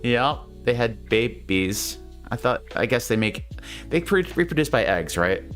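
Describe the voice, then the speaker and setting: A man's voice: mid-range voice, animated, unhurried, fairly bright tone, faint music behind. A man hosting a casual comic read-along, joking and laughing often. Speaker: host.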